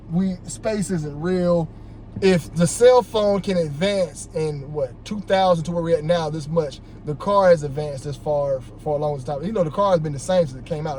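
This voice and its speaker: Very high-pitched man ranting heatedly. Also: a little hiss or hum, poor audio. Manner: frustrated, animated, bursts into shouting; loose, rambling, talks straight to his audience. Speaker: vlogger ranting to his viewers. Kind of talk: heated opinion rant to camera.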